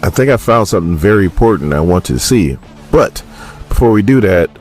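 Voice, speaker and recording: A man voicing an earnest young male superhero from a comic book, talking in a hurried way. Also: deep voice, expressive, darkish tone, soft background music.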